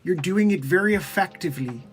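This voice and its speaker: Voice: mid-range voice, animated, brisk, natural voice. A performer doing a comic impression of an earnest, precise male professor pundit. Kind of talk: comedic celebrity impression.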